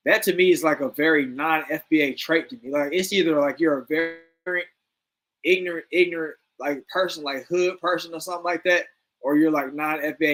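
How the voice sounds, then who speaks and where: A man's voice: on the high side, fairly bright tone. A man giving casual, slangy reaction commentary on a video, often laughing and repeating himself. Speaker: reaction streamer.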